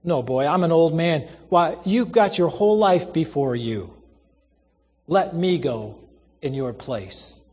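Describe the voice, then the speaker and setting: A man reading the part of a kindly old convict who talks in a gentle, pleading, resigned way. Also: on the high side, lively intonation, takes it slowly, slightly rough, long reverb tail, exaggerated voice. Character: kindly self-sacrificing old male convict.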